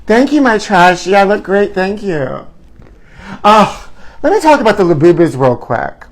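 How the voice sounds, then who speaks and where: A man's voice: sits high, very animated, unhurried. Campy gossiping man on a live stream. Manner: calls viewers honey and trashies. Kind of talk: casual live-stream chat. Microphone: own camera.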